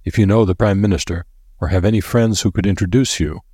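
Brief: man doing a haughty elderly physician, condescending, deep husky tone, storybook read. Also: fairly even intonation, fast, mellow, dry recording, clean studio sound. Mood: curt. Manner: condescending, complaining. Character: pompous, dismissive senior male medical man.

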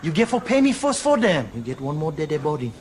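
An actor playing a blunt, aggressive smuggler with a Sierra Leone Krio accent. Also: male voice, a little high, very animated, fairly quick. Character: hard-bargaining smuggler, grown man, blunt and aggressive.

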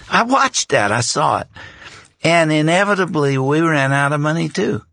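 An older man telling a personal faith story as a talk show guest, unhurried and reflective, pausing on fillers. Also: on the high side, expressive, vocal fry, bright, forceful tone, dry recording.

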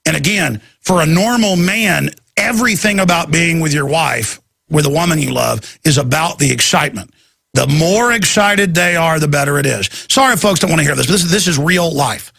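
Talk radio guy ranting hard, raspy gravelly voice, bright and forceful, dry sound. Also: a little high, moderate pace, no room sound. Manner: fired-up, emphatic storytelling with quoted voices. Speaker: radio talk show host.

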